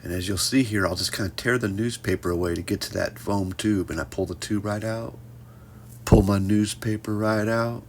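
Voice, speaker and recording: A man's voice: fairly low pitch, fairly even intonation, moderate pace, a little hiss or hum. A man teaching a pottery class in a casual hands-on demonstration, joking with his viewers as he works. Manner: playful, jokey asides addressed to "folks".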